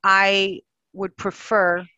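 A woman's voice: medium pitch, monotone, extremely slow, sharp tone, no echo, muffled recording. A woman co-hosting a casual chat, telling stories animatedly and acting out her own reactions.

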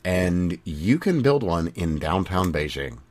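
A man with a very deep voice talks bluntly on a podcast. His pitch swings widely, and he swears freely to punch up his points. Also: very animated, takes it slowly, darkish tone. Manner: blunt, emphatic and profane. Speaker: podcast co-host. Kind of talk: casual podcast chat.

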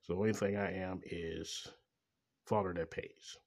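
A middle-aged man with a very low, husky voice rants in a rambling personal monologue. His talk is bitter and laced with profanity. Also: steady tone, unhurried, a little mellow. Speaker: father venting about child support.

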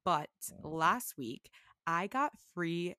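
A young woman in her twenties telling a casual story on a podcast. She fills her talk with "like" and grows animated when she quotes others. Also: fairly low pitch, drawn-out words, no echo, studio quality. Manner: chatty, full of "like", animated when quoting others.

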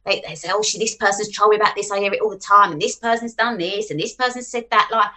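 Bright-voiced chatty woman, forties. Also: mid-range voice, fast. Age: 40s. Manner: chatty, animated, frank. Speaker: finance influencer guest. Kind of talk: casual interview chat.

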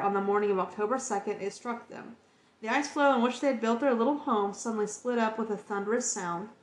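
Woman reading an old encyclopedia out loud, kinda high voice, earnest, roomy echo. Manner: earnest, emotionally moved reading. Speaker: podcast host reading an encyclopedia.

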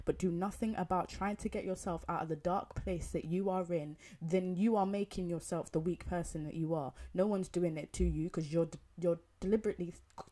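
A woman's voice: fairly low pitch, mellow. A young woman giving an emphatic opinion monologue, repeating herself and asking rhetorical questions. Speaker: commentator.

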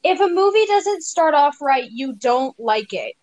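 A woman's voice: high voice, big pitch swings, a little slow, a little mellow, no echo, low-quality recording. A woman co-hosting a casual podcast chat, teasing and joking with a giggly manner. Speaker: co-host.

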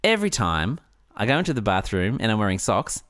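A man's voice: on the low side, brisk, no echo, clean studio sound. A man in his thirties with an Australian accent, co-hosting a podcast and telling stories with comic grumbling. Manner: animated storytelling, grumbling for laughs. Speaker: podcast co-host. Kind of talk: casual chat.

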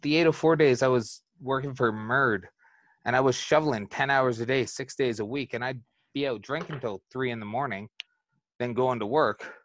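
Guy talking relaxed and colloquial, pokes fun at himself, dry close sound. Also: medium pitch, moderate pace, dry recording. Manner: relaxed, colloquial, self-mocking. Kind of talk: casual chat.

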